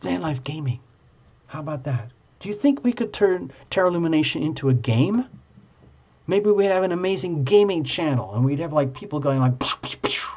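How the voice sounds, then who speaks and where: Excitable man hosting a tarot stream. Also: on the high side, fairly quick, slightly rough. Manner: excitable, gushing, playful. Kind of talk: live stream chat with viewers. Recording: dull lo-fi stream audio.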